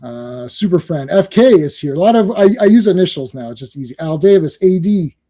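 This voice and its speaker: A man's voice: fairly high pitch, expressive, fairly quick, mellow. A middle-aged Canadian man hosting a casual livestream chat, talkative and laughing often. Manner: chatty, laughing, breaks into silly voices. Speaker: podcast host.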